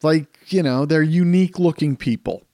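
A man co-hosting a casual podcast, telling stories in an animated, rambling way with frequent restarts. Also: fairly high pitch, normal speed, no room sound, studio quality. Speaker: podcast co-host.

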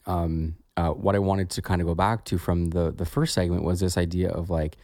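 Man, podcast co-host, reflective casual talk, deep voice, dry close sound. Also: level tone, normal speed, darkish tone, dry recording. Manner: reflective, many "like" fillers.

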